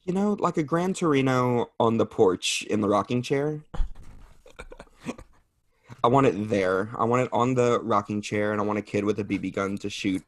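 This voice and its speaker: A man's voice: lowish voice, normal speed, dry recording. A man chatting as a podcast guest, rambling and self-deprecating, laughing often. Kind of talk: casual chat.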